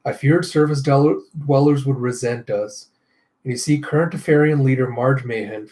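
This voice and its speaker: A man casually reading a comic aloud, narrating panels with relaxed asides. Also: mid-range voice, moderate pace. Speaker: comic readthrough host.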